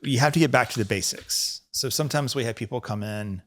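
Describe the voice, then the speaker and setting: A man in conversation on a financial advice podcast. His voice sits at an ordinary pitch for a man. His delivery is easygoing and chatty, full of laughter and small restarts as he explains things. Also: a little fast, fairly bright tone. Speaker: financial advisor, podcast host. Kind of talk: casual advisory podcast chat.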